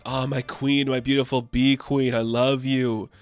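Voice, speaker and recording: A man's voice: medium pitch, level tone, measured pace, no echo, close to an everyday voice. A man voicing a big, angry male alien warlord, smitten and whiny, in a comic book recap.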